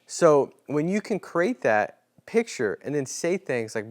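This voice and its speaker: Male sales trainer, fairly high-pitched, casual and animated, coaches a class through client talks. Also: measured pace, few pauses.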